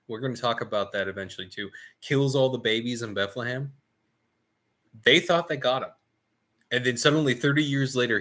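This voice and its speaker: A man teaching a casual streamed Bible lesson in an animated, irreverent way, laughing often. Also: mid-range voice. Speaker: Sunday school teacher.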